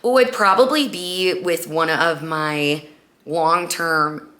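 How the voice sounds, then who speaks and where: A young woman with a low-set voice that still rings bright and forward, hosting her own podcast. She tells a personal story in a loose, chatty way, full of "like" and little acted-out quotes. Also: takes it slowly. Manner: chatty, animated retelling with frequent "like" and acted-out quotes. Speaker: podcast host. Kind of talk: casual storytelling podcast monologue.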